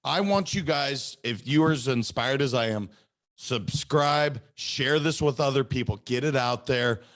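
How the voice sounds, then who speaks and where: A man's voice: medium pitch, measured pace, a bit bright. A middle-aged man hosting a podcast, enthusiastic and encouraging with his guest and listeners. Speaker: podcast host.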